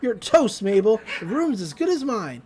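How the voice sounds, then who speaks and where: A woman's voice: a little high, big pitch swings, normal speed, darkish tone, slight background noise. A woman voicing a scheming young boy from a cartoon, gloating over his plan. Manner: gloating, plotting. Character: eager scheming boy in his sister's body.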